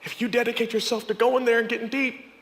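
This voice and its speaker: A man voicing a calm, gentle male teacher who makes soft, reassuring promises. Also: extremely high pitch, fast talker. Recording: long reverb of a large hall.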